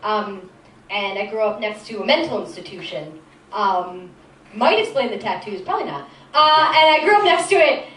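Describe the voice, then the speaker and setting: A woman's voice: high voice, fairly bright tone, slight background noise. A young woman from New Jersey doing a stand-up comedy set in a club, rambling and self-deprecating with lots of fillers. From New Jersey, USA. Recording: roomy club sound from a distance. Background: audience laughter.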